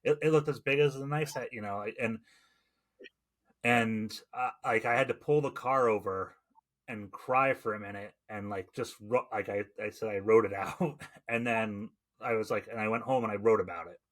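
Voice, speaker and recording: A podcast host in his forties, a former EMT, chatting casually in a rambling, loose way full of fillers. His voice sits a little low. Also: normal speed, fairly bright tone. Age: 40s. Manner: rambling, frequent fillers and restarts.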